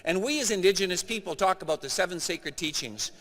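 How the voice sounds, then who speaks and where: A middle-aged man from Canada delivers a keynote in a big conference hall, his fairly high voice carrying a long reverb tail. He speaks with animated emphasis, pressing points home to the crowd. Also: fast talker. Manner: animated, emphatic speaker addressing a live audience.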